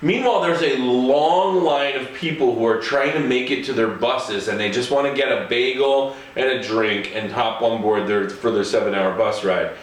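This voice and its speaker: Male storyteller, mid-pitched, chatty and chuckling; recorded in an echoey room with faint background ambience. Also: moderate pace, few pauses. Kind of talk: casual spoken anecdote.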